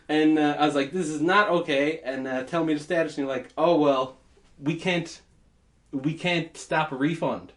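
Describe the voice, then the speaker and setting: A man telling a story in casual podcast chat, animated, laughing and swearing as he goes. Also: fairly high pitch, moderate pace. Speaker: podcast host.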